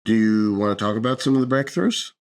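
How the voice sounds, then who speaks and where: A man's voice: fairly low pitch, lively intonation, quick pace. A man hosting an interview, giving brief encouraging prompts. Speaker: podcast host.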